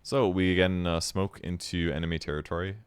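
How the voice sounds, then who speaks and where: A man giving casual replay commentary on his own game, relaxed and self-critical as he explains his choices. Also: low-pitched, a little fast, clean tone, dry recording.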